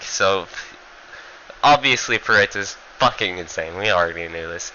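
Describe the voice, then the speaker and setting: A man's voice: low-pitched, normal speed, pushed and bright, muffled recording, a little hiss or hum. A man giving a casual, rambling manga review, full of fillers and swearing.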